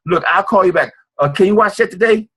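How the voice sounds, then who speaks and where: A man acting out an excited caller who pushes a friend to watch a video right away. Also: breathy edge. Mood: eager. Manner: high-energy, eager, rapid-fire. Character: upbeat, pushy man making a sales call.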